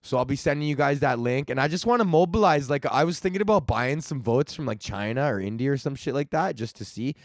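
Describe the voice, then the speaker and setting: A man's voice: mid-range voice, expressive, fast, hardly any pauses, no room sound, clean studio sound. A young man hosting a comedy podcast, rambling through a crude, slangy monologue and laughing at his own jokes.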